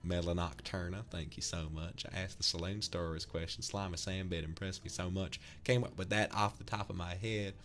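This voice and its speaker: Man, very low voice, affectionate streamer chat, faint music behind. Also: fairly even intonation, fairly quick, few pauses, fairly bright tone. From United Kingdom. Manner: affectionate, calls viewers darling. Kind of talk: casual chat thanking viewers for donations.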